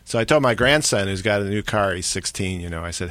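An older man chats on a radio show with a lowish voice, easy and wry. He talks in a relaxed, unhurried way. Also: a little hiss or hum. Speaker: radio co-host. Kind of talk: casual radio talk show chat. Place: radio studio.

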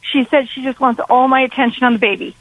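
A woman calling in on the phone to a radio show, hesitant and close to tears, with many pauses and fillers. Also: high voice, little pitch movement, dry recording, narrow, tinny audio. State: fighting back tears. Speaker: caller. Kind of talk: call-in radio conversation. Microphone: telephone call.

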